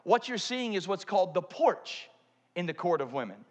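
A man with a high voice preaches a sermon, turning from loud and pressing to low and hushed. His voice carries a long reverb from a large church auditorium. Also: big pitch swings, normal speed. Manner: dramatic, swings from loud to hushed. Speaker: pastor.

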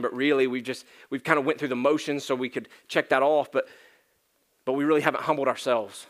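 A man preaching a sermon to his church, talking conversationally, with emphatic rises and hushed drops. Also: mid-range voice. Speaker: pastor.

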